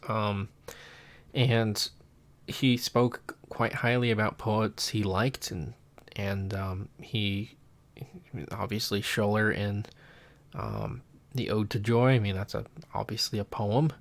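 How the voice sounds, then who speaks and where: Low-voiced man analyzing piano music. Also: takes it slowly, vocal fry. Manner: enthusiastic, talks over piano playing, scats melodies aloud. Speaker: music lecturer. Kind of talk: casual spoken music analysis. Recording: faint piano music behind.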